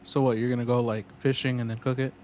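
A man in casual chat, teasing and asking quick questions. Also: mid-range voice, little pitch movement, a little mellow, a little hiss or hum.

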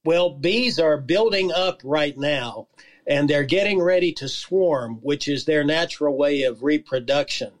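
A man with a slightly higher voice talks through gardening and bee stories at an easy pace. He tells his anecdotes calmly, like a seasoned grower. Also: measured pace. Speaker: beekeeper and gardening guest. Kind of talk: casual chat.

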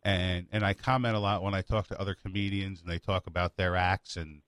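Deep-voiced male talk show host. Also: fairly quick, dry recording. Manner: relaxed, rambling, self-deprecating. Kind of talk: casual chat.

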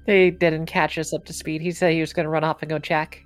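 Low-voiced woman playing a tabletop game. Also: little pitch movement, fairly quick, soft background music. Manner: casual, hesitant, many "like"s. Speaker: player. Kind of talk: casual tabletop play.

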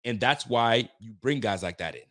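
A young man hosting a sports fan livestream, ranting with animated energy, swearing freely and repeating catchphrases. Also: medium pitch, normal speed. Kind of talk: casual fired-up sports commentary.

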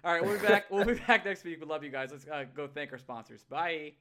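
A man's voice: a little high, brisk, crowd noise. A man in his thirties hosting a podcast, chatting casually, joking and laughing often. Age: 30s. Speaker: podcast host. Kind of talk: casual chat.

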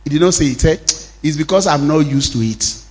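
A man with a Nigerian accent preaching a sermon in a high voice. He acts out the Bible dialogue as he tells it and calls out to the congregation for responses. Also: fairly quick, darkish tone. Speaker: pastor.

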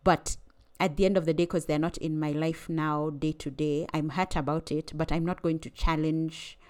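A woman co-hosting a podcast who talks in a thoughtful, hesitant way, pausing with fillers as she reflects. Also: low voice, fairly even intonation, darkish tone, smooth. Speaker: podcast co-host. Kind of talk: casual chat.

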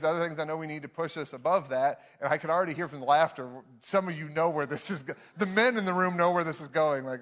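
Another pastor in his thirties, higher-pitched and a bit bright, talks fast with few pauses while preaching to a live church hall audience. His anecdote keeps restarting as he acts out the voices of its characters.

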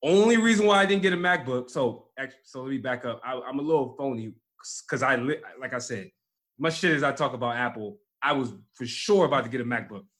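A man co-hosting a podcast in casual chat, with relaxed, teasing banter. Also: mid-range voice, a little fast. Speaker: podcast co-host.

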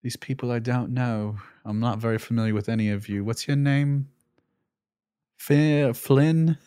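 A man doing a quick impression of a fussy, prim male protocol robot, speaking politely and formally. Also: mid-range voice, dark tone, clear, resonant tone, no echo, studio quality, lightly acted.

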